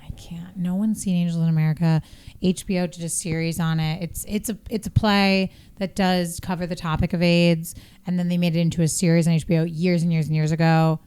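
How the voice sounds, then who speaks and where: A woman's voice: lowish voice, little pitch movement, a little fast, a little mellow, clear, resonant tone. A woman co-hosting a podcast, chatting in a playful, teasing way. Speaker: podcast co-host. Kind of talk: casual chat.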